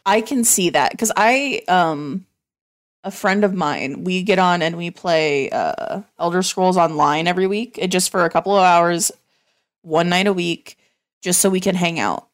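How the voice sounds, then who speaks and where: A woman's voice: lowish voice, measured pace. A woman with a faint Southern US accent, co-hosting a podcast in a rambling, filler-heavy chat with some swearing. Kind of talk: casual chat.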